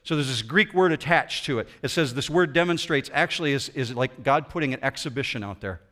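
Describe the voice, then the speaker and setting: A man preaching a sermon as pastor in a church auditorium, swinging between loud emphasis and quiet intensity. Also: medium pitch, lively intonation, brisk.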